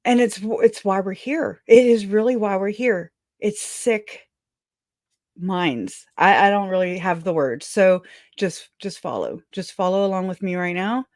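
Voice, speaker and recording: A woman hosting a livestream, angry and profane, with halting restarts and frequent laughs. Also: mid-range voice, a little mellow, no echo, studio quality. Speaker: livestream host.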